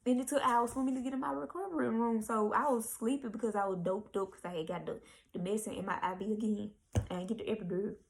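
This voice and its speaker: A woman's voice: medium pitch, steady tone, quick pace, vocal fry, rough recording. Candid, chatty young woman telling a story. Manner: chatty, blunt and candid, with fillers and restarts. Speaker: vlogger. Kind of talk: casual storytime.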